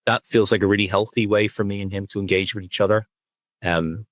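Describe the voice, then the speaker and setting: A man speaking as a podcast guest, talking in a soft, reflective and candid way in a relaxed conversation. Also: on the low side, a little fast, no echo.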